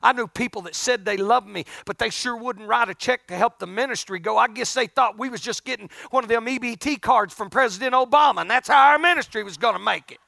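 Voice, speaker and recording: A middle-aged man preaching a folksy storytelling sermon, swinging from hushed asides to loud outbursts. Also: very high-pitched, quick pace, gravelly, few pauses, dry recording, clean studio sound.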